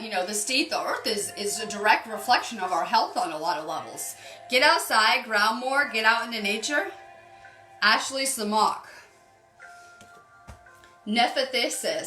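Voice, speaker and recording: A woman streaming a casual spiritual card reading, chatty and upbeat as she greets viewers by name. Her voice is bright and a little high. The room is echoey, with faint music playing behind her. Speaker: spiritual healer reading cards on a live stream.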